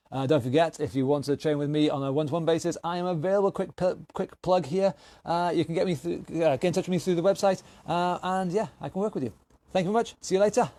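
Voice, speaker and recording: Man, fitness instructor, upbeat coaching, slightly out of breath, fairly high voice, dry close sound. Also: no echo. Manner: energetic, encouraging, calls out moves. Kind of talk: online workout class coaching.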